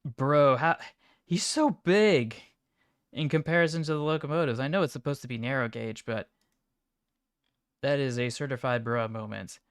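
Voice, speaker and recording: A man of ordinary pitch with a smooth, resonant voice chats casually through a live stream. He reacts to viewers' images in a mumbling, offhand way, broken by sudden excited bursts. The sound is close and dry. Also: brisk, no room sound. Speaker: livestreamer reacting to chat images.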